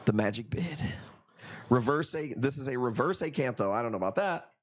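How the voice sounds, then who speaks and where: Mid-range and a little quick, this male voice has lively intonation. He hosts a livestream coral auction, joking and swearing through rambling banter with viewers in casual live sales chat.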